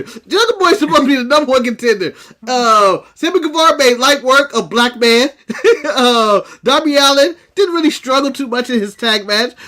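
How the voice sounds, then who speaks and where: High, lively, bright-voiced American man. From United States. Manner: animated, joking and opinionated, laughs often. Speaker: co-host of a wrestling podcast. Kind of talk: casual chat.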